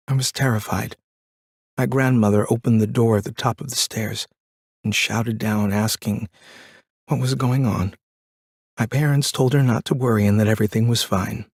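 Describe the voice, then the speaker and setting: A middle-aged man reading an audiobook in a measured, reflective first-person voice. His tone sits low, and the recording is dry and close, with no room sound. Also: dry recording. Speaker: audiobook narrator. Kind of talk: scripted audiobook narration.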